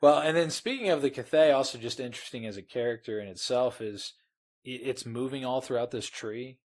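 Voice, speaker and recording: A man's voice: mid-range voice, brisk. A man co-hosting a podcast, talking enthusiastically about a fantasy novel in a rambling way, with many restarts. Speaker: podcast co-host. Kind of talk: casual book discussion.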